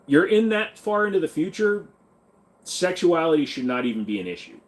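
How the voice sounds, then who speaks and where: Reading chat aloud on his casual livestream, a man fires back blunt, irreverent replies to viewers. His voice is a little high, with big pitch swings, and he talks at normal speed.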